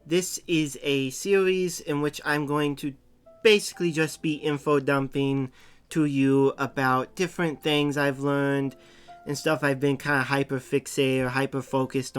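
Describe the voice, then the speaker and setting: A man's voice: a little high, clean tone. A man with a Boston accent giving a casual, rambling info-dump monologue as a channel host, often correcting himself mid-sentence. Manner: rambling, with self-corrections and small laughs. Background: soft background music.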